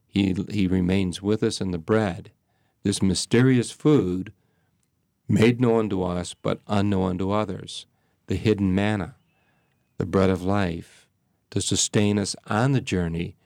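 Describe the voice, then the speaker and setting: A man speaking as a priest, reflecting on prayer in slow, measured phrases with pauses. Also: low-pitched, vocal fry, darkish tone, no room sound, clean studio sound. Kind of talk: reflective spiritual talk.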